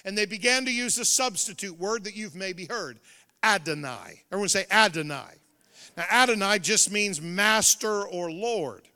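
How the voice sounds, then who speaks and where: A male pastor preaching a revival sermon, building to loud call-and-response emphasis. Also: high voice, animated, unhurried. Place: church sanctuary. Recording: reverberant church hall.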